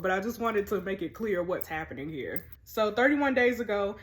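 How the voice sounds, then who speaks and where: A woman's voice: medium pitch, lively intonation, normal speed. Sassy woman narrating a game aloud. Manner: sassy, reads text messages aloud with asides. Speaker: gamer playing a story game. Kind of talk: casual in-character game commentary.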